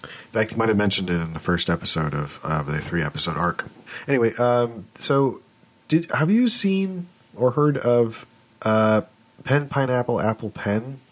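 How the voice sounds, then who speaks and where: A man's voice: lowish voice, expressive, normal speed. A man in casual remote podcast chat, rambling and restarting his sentences. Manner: rambling, self-interrupting, stumbling over words. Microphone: remote call.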